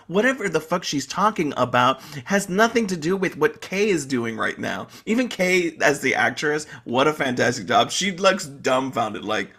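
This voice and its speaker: A man's voice: a little high, very animated, normal speed, few pauses, bright, forceful tone, husky. A man co-hosting a podcast as a guest, chatting casually and quoting the characters as he recaps. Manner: chatty, agreeing, quotes the characters. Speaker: guest co-host.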